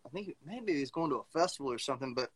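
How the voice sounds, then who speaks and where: A male guest musician on a relaxed stream, talking in a middle pitch. He stammers and restarts his sentences often and laughs along as he tells stories. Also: very fast, slight background noise. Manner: stammering, repeats himself, laughs easily. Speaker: guest singer-songwriter. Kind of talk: casual chat on a live music stream.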